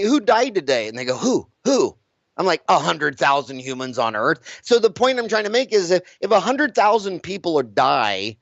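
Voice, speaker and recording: Speaking as a guest in a casual interview, a blunt, animated man with a somewhat high voice pushes his points hard and stumbles over repeated words. The recording is dry, close, and without room sound, but dull and lo-fi.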